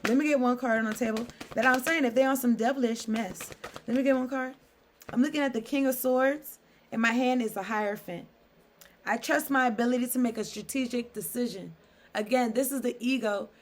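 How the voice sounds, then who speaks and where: Chatty woman giving a tarot reading. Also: fairly high pitch. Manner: chatty, reads aloud then riffs with asides; frequent "okay?" and "I don't know" fillers. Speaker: tarot reader. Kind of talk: casual solo tarot reading.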